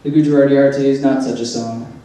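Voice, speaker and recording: A man's voice: medium pitch, steady tone, fast, mellow. A man reading a humorous personal essay aloud, with wry, dry asides. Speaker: essay reader. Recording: echoey room, mic far off.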